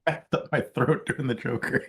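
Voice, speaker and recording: Husky, gravelly-voiced man chatting. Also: medium pitch, normal speed. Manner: playful, laughs often. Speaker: podcast co-host. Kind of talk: casual chat.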